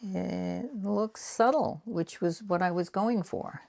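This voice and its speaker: Low gravelly woman in her sixties. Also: slow, a little mellow, slight background noise. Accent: Boston. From Boston area. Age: 60s. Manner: rambling, self-deprecating, talks while painting. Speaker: art vlogger. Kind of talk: casual craft chat while working.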